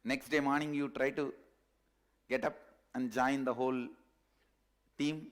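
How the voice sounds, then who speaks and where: A man, a spiritual teacher telling a parable in a discourse, animated and chuckling at his own jokes. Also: medium pitch, measured pace.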